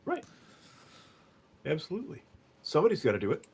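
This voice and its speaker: A man's voice: a little high, wildly swooping pitch, brisk, darkish tone, husky. A man from the Upper Peninsula of Michigan hosting a casual podcast, making wry jokes. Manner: wry, joking commentary. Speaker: podcast host.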